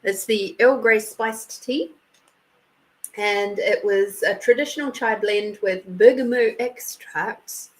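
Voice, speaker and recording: A woman's voice: mid-range voice, slow, rough recording. An Australian woman hosting a casual live stream, chatty and laughing often as she thanks viewers by name. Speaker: intuitive reader and live stream host.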